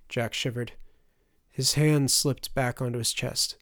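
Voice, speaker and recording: Guy reading a fantasy audiobook, mid-pitch, measured, dry close mic. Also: fairly even intonation, a bit bright, no room sound. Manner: measured storytelling, voices the characters. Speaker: audiobook narrator. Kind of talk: scripted fantasy narration.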